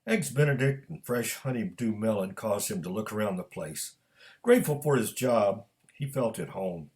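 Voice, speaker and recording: A man reading his own story aloud in a measured narrating manner. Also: fairly low pitch, lively intonation, darkish tone. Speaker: author and storyteller.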